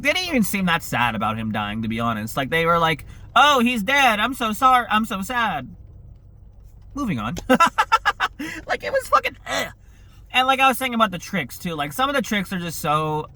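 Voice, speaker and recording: A young man giving a casual, profane, exasperated movie review, talking in an animated way. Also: high voice.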